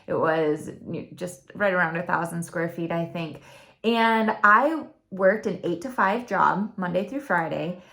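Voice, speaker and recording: A woman's voice: fairly low pitch, fairly bright tone. A young adult woman with a Michigan accent, talking on her channel about her faith in an earnest, chatty way. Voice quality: talkative, earnest. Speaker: YouTube channel host. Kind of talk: personal reflective monologue.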